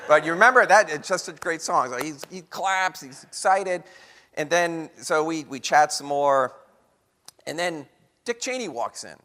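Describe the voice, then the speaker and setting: A man giving a lively storytelling talk to an audience, acting out the voices of people in his story. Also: fairly high pitch, a little slow. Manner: animated storyteller acting out quotes. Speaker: guest speaker. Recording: long hall reverb.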